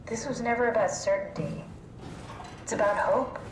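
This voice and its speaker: A woman's voice: a little high, moderate pace, close to an everyday voice. An actress voicing a wry, self-deprecating female AI guide in a video game, recorded with a roomy echo under gameplay noise. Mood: determined. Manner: dry, self-deprecating, matter-of-fact.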